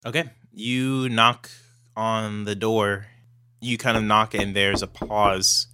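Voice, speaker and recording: A man's voice: on the low side, little pitch movement, slow, sharp tone, smooth. A man narrating as game master in a casual, hedging way, full of fillers.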